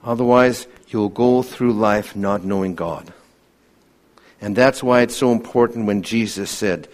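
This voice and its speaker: Preaching to his congregation in the evening, this pastor speaks a little slowly and with fervent pleading. He moves back and forth between rising, loud appeals and quiet, solemn moments.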